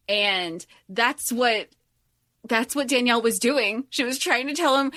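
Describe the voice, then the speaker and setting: Woman, podcast co-host, casual chat, emphatic, profane, bright tone, dry sound. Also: on the high side, moderate pace, no room sound.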